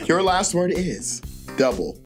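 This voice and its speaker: A woman's voice: lowish voice, sing-song, unhurried. A woman hosting a casual chat show, laughing often and breaking into song. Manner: laughs often, sings snatches of songs. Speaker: host. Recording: loud music in the background.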